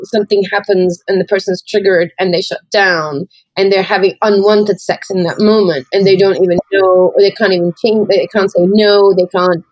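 A woman's voice: medium pitch, steady tone, moderate pace, hardly any pauses, a little mellow, dry recording, rough recording. A woman co-hosting a podcast, talking candidly and reflectively, with many fillers and restarts. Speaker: podcast co-host. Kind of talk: candid conversational chat.

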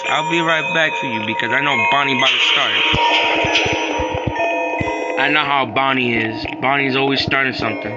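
A young man casually commenting on a horror game he is playing, teasing the enemies and yelling in fright when they chase him. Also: medium pitch, normal speed, long pauses, dull audio. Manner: playful trash talk, nervous yelling when chased. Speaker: gaming streamer. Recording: loud background music.

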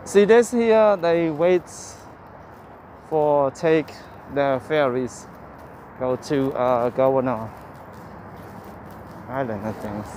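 A man's voice: mid-range voice, slow, pauses often, a little mellow, slight background noise. A man hosting a live walking-tour stream outdoors in a city park, chatting cheerfully in simple broken English and thanking viewers by name. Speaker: livestream walking-tour host. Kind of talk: casual live-stream chat.

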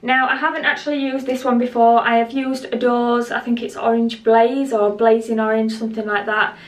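Chatty higher-voiced woman vlogging in a roomy echo. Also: level tone, normal speed. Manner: chatty and rambling, speaks straight to viewers. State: a little out of breath. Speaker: beauty vlogger. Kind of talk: casual chat to camera. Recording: roomy echo, voice a bit distant from the mic.

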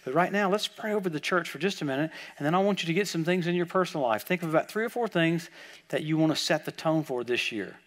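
An older man preaching a sermon, telling stories with lively acted-out quotes, often repeating words and dropping into soft, quiet tones. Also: fairly high pitch, quick pace. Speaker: guest preacher. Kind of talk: sermon storytelling.

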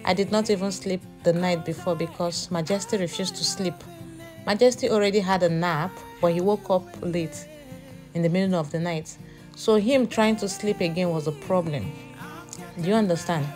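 Woman vlogger, casual narration, tired and chatty, lowish voice, faint music bed. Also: normal speed. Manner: chatty, addresses viewers as guys. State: tired, exhausted. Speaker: family vlogger.

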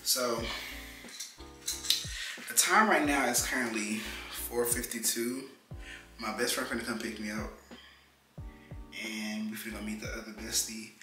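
A young man rambles through a casual vlog, slangy and chatty, now and then leaping up in pitch. The sound is roomy and echoey. Loud music runs under his talk. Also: steady tone, measured pace, pauses often. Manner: chatty, loose and slangy, with abrupt jumps up in pitch. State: out of breath. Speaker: vlogger.

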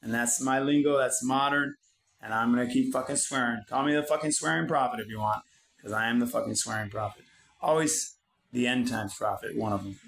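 A man's voice: medium pitch, brisk, gravelly, a bit bright, rough recording. A man delivering a blunt motivational monologue, swearing constantly and preaching at the listener like a self-styled prophet. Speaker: channel host.

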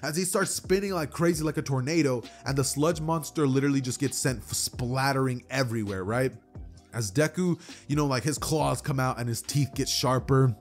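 A man's voice: mid-range voice, normal speed. A man narrating a fan story in a casual, rambling way with lots of fillers, faint music behind. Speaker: storyteller, channel host.

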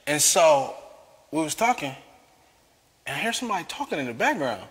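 A man giving a personal testimony as a guest, an animated talker who laughs often. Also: on the high side, brisk, big-room sound. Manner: lively, laughs often, calls himself a talker.

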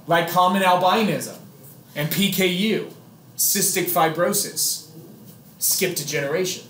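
A man's voice: high voice, normal speed, fairly bright tone. A man teaching a biology class, chatty and joking, quizzing his students as he explains. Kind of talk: classroom lecture. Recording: echoey classroom.

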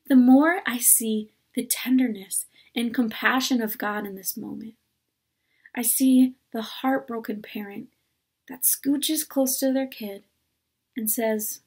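A woman delivers a sermon at a church service in a high, breathy voice. She takes her time, speaking conversationally and earnestly. Now and then she slips in a playful aside. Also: measured pace. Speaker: preacher.

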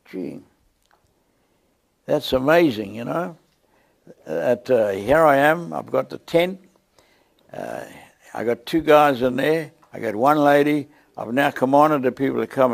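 A man with a South African accent telling a lively testimony story to a church, acting out the scenes as he goes. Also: mid-range voice, vocal fry. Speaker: guest preacher.

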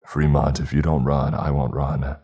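A man's voice: very deep voice, completely flat delivery, normal speed, breathy edge. A man voicing Wallace, a grizzled, steadfast demon hunter. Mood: firm. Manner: hushed, urgent, firm.

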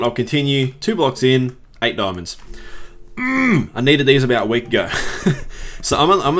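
A young man giving casual gameplay commentary as a let's play host, chatting in a rambling way and swearing when frustrated. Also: mid-range voice.

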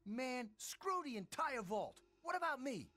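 A woman's voice: high-pitched, sing-song, unhurried, sharp tone, slight background noise, full character voice. An actress playing a bitter young woman in a video game, resentful and pleading.

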